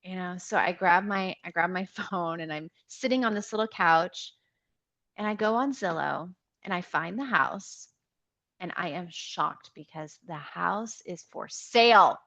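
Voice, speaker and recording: A woman, a podcast guest, telling a personal story in an animated, emotional way, often restarting her sentences. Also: fairly low pitch, unhurried. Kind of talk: personal storytelling in a conversational interview.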